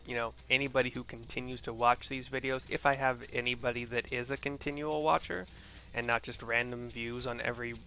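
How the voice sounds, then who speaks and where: A man's voice: mid-range voice, sharp tone. A man casually reading out and narrating a game story for blind viewers, rambling, swearing and laughing at himself. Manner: rambling, swears, self-deprecating. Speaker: gaming narrator.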